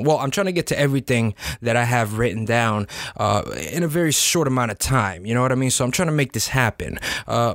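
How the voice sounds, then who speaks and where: A man's voice: a little high, dry recording, studio quality. A man hosting a casual solo podcast. He talks in a loose, slangy, rambling way, calling the listener "man" and laughing often. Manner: slangy, rambling, peppers lines with "man" and "you know what I'm saying"; frequent restarts and laughs. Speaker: podcast host.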